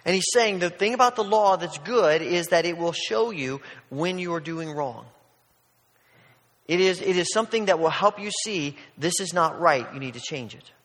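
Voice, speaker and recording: A man with a high voice preaches in an earnest, emphatic way, often doubling back to repeat words mid-sentence. His voice carries a long, lingering reverb, as in a large church sanctuary. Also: expressive, moderate pace, fairly bright tone. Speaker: pastor. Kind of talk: sermon.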